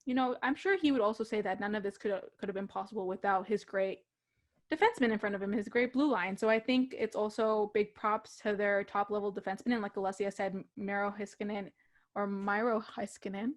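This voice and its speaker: A woman's voice: mid-range voice, fast. A young woman co-hosting a casual hockey talk show, chatty and laughing often. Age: young adult. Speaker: co-host.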